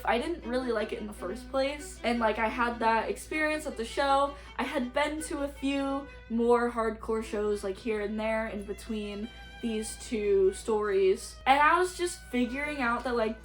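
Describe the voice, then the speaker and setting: A young woman with a slightly high voice tells stories for a casual vlog. She talks bluntly, swears freely and fills her sentences with "like." Faint music plays underneath. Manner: blunt, profane, frequent "like" fillers. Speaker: YouTuber.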